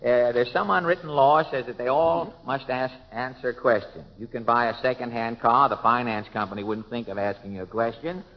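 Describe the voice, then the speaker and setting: A man's voice: mid-range voice, fairly quick, few pauses. A man hosting a live radio variety show, introducing guests with wry, joking banter, heard on a dull old broadcast recording. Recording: dull old radio broadcast with faint hiss and long reverb.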